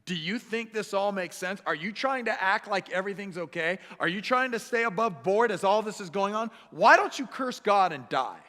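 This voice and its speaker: A man's voice: high-pitched, animated, moderate pace, hardly any pauses, pushed and bright, pitched above the performer's own voice. A man voicing a grieving wife who lashes out at her suffering husband with pointed, challenging questions. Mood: exasperated. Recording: echoey church hall.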